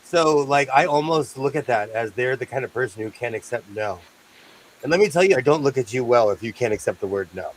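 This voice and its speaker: A man's voice: medium pitch, animated, fairly quick, slight background noise, rough recording. An American man chatting casually with friends, projecting his voice and laughing often. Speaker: podcast co-host. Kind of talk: casual group chat.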